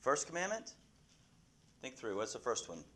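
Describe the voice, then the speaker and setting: A man's voice: mid-range voice, big pitch swings, normal speed, a bit bright. Guy teaching a bible class, keeps quizzing the room, restarts his sentences a lot. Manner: asks the class questions, restarts often.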